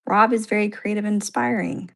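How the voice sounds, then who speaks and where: A woman's voice: mid-range voice, steady tone, brisk, creaky, a bit bright. A middle-aged woman co-hosting a livestream, talking casually and filling her speech with "like". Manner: chatty, peppered with "like". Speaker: livestream co-host. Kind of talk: casual chat.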